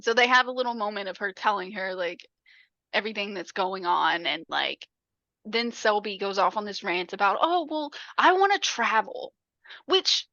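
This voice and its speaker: A woman's voice: mid-range voice, moderate pace, dry recording, muffled recording. A woman co-hosting a podcast, casually retelling a film, swearing often and acting out the characters' lines. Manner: swears a lot, animated, acts out quotes. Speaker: podcast co-host.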